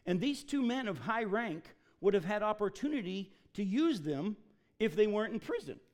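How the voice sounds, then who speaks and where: A man's voice: sits high, very animated, normal speed. A middle-aged man preaching a sermon in a folksy, joking manner, reading scripture aloud and adding casual asides. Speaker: pastor.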